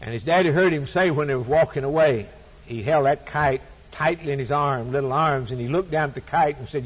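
Husky-voiced man preaching a sermon. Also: fairly high pitch, fairly quick, poor audio. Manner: repetitive, emphatic preaching cadence.

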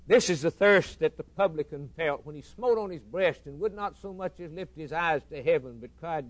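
Preacher, male, sermon delivery: surges loud on key lines, drops to near-hush, stacks repeated phrases. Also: on the high side, moderate pace, hardly any pauses, dry recording. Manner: swells loud for emphasis, then drops to a hushed tone; builds long repeating lists.

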